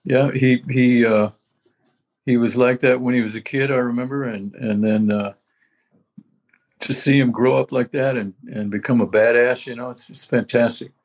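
A man's voice: mid-range voice, fairly even intonation, normal speed. An older man talking casually as a veteran musician, rambling and reminiscing with many restarts. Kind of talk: casual conversation.

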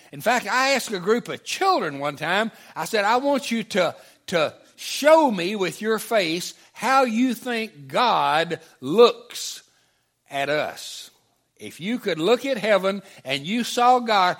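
A middle-aged male pastor delivers a sermon in an easy, conversational way, pausing to ask his listeners questions and echoing their replies. His voice sits fairly high for a man and swings widely in pitch. He speaks slowly, with frequent restarts. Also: a bit bright. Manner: conversational, repeats audience answers, many restarts. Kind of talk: sermon with audience call-and-response.

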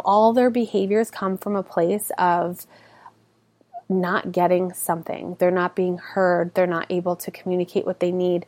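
Earnest mom podcaster in a dry room. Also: female voice, mid-range voice, a little mellow, no room sound. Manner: earnest, conversational, heavy use of "like". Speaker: podcast host. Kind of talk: solo podcast monologue.

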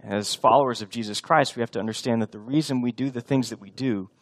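A male pastor preaching a sermon, emphatic and animated, slipping into acted-out voices for imagined scenes. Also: mid-range voice.

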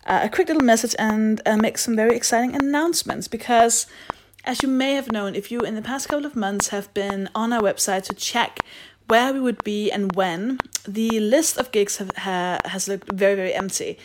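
Over a noisy background, a woman hosting a podcast delivers casual solo announcements in a slightly high voice at a normal speed. She rambles playfully and mocks herself along the way.

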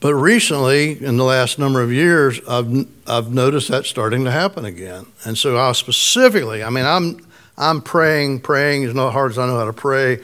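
A middle-aged man with a slightly raspy voice, preaching a conversational sermon and telling a personal story. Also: medium pitch, expressive, moderate pace, fairly bright tone. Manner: conversational, storytelling, asks congregation questions. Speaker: pastor.

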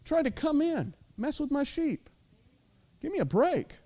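Intense high-voiced American pastor. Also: male voice, big pitch swings, unhurried, a little mellow. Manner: intense, emphatic, conversational. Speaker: lead pastor. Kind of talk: sermon.

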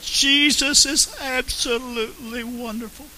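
A man's voice: very high voice, steady tone, unhurried, bright, forceful tone, slight background noise, low-quality recording. A man telling his personal faith testimony in an earnest way, repeating phrases for emphasis. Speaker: Christian testimony speaker.

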